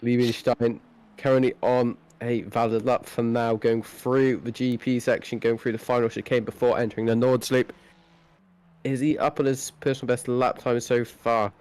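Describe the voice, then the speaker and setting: A man's voice: mid-range voice, flat delivery, moderate pace, a little mellow, smooth. A man co-commentating a sim race live, talking through laps and trading dry jokes. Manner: dry, joking banter.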